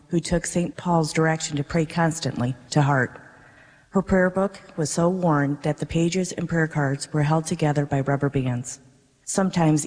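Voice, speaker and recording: A woman, a parishioner, reading her personal faith testimony to a congregation in an earnest, measured way. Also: sits low, darkish tone. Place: darkened church worship space. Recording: reverberant worship space.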